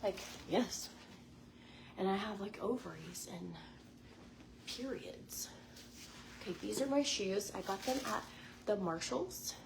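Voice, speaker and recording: A woman in her forties vlogs from a Las Vegas hotel room, chatting bubbly and casually to camera with lots of likes and ums. Her medium-pitched voice is expressive but slow, with vocal fry and frequent pauses, and noticeable noise runs in the background.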